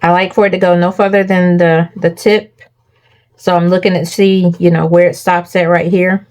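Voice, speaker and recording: A woman's voice: fairly low pitch, little pitch movement, normal speed, darkish tone. A woman hosting a crafting tutorial, walking viewers through each step and checking in with them often.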